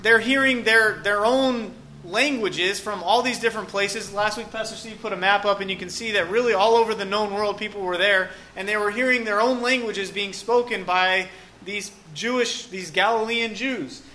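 A man's voice: sits high, normal speed, sharp tone, slight background noise. A man preaching a sermon in a casual, joking way, often saying "okay" and "um". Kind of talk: conversational sermon.

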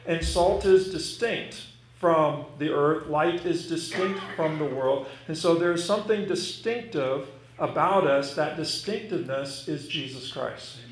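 A man's voice: on the high side, measured pace. A man preaching a sermon as pastor, stressing key words and repeating his main lines. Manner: emphatic, repeating key phrases. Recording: echoey room with some noise.

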